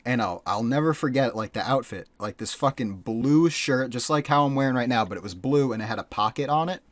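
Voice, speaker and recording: A young man in the middle of a casual podcast story, talking at a mid pitch and swearing freely. His talk is loose and rambling, packed with fillers. The sound is dry and close to the mic, with little room behind him. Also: brisk, no echo. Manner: profane, rambling, full of fillers. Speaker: podcast co-host.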